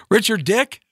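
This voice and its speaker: A man's voice: bright, forceful tone, no echo. A middle-aged male host rambling and joking on a live show, laughing at his own gags.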